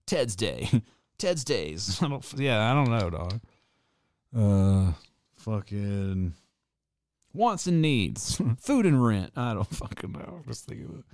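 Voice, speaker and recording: Young male podcast host, low voice, dry close sound, rambling and profane. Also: very animated, slow, long pauses, a little mellow, no echo. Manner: rambling, profane, laughing asides. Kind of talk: casual chat.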